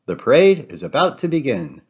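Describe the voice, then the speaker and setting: A man's voice: medium pitch, big pitch swings, fairly quick, breathy edge. A man voicing a folksy, forgetful female cartoon cow in a storybook read-aloud, with homespun talk.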